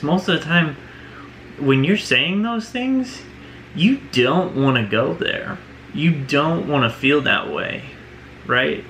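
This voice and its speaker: Earnest guy vlogging slow, bit gravelly, bright-ish tone, faint hum behind him. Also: on the high side, low-quality recording. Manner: earnest, full of "you know" and "right?". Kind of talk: personal reflective monologue.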